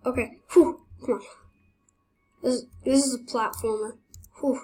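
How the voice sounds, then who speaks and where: Young female gaming host, high-pitched, slow-paced, excitable casual play-by-play. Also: faint music behind. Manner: excitable, exclaims and laughs while playing. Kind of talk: casual gameplay commentary.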